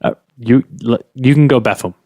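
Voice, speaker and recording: A man co-hosting a comedy podcast, playing the bewildered straight man with quick, questioning asides. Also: medium pitch, warm tone, no echo, studio quality. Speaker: podcast co-host.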